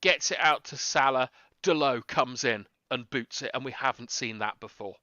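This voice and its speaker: A man's voice: mid-range voice, moderate pace, sharp tone, no room sound, lo-fi sound. A man giving an earnest, explanatory tactical breakdown on a live stream, with frequent ums. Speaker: tactical analyst. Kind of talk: live stream football analysis.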